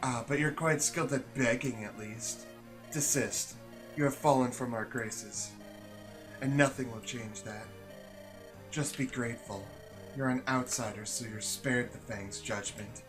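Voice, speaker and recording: A man's voice: mid-range voice, steady tone, a little slow, music in the background, lightly acted. A man voicing a haughty, cruel noblewoman in a game, with clipped, contemptuous delivery. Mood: scornful.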